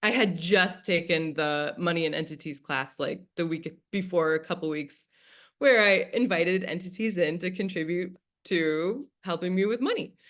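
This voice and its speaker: A woman's voice: lowish voice, moderate pace, fairly bright tone. A woman facilitator teaching in a casual, chatty way, often acting out her own past thoughts as quoted asides. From United States. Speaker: class facilitator.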